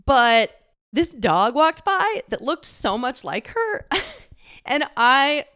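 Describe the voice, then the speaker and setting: A young woman with a clear, smooth voice sits a little high and tells a personal story in a candid, emotional way. She laughs often and swears casually, and she sounds close to tears. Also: sing-song, slow, fairly bright tone.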